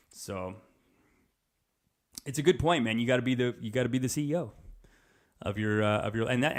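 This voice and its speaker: A young adult man doing a rambling comedic monologue as a podcast host, jumping into quick character voices. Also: medium pitch.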